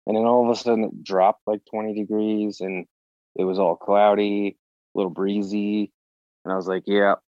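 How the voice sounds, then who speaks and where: Very deep-voiced man telling a wild story. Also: moderate pace, no echo, lo-fi sound. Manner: animated, swears freely, acts out his own reactions. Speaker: podcast guest. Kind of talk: storytelling in casual conversation.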